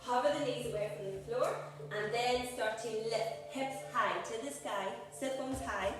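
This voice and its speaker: Yoga teacher, woman, slightly high voice, heard from across an echoey studio, cheering on her group. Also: measured pace, over music. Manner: encouraging, cueing breaths and poses. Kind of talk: guiding a live group class. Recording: echoey room, voice far from mic, background noise.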